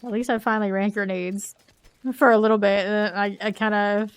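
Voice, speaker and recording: A woman's voice: mid-range voice, flat delivery, a little fast, clear, resonant tone, no room sound. A woman casually commenting while streaming a video game, chatting with viewers and laughing often. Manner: chatty, reads chat aloud, laughs often.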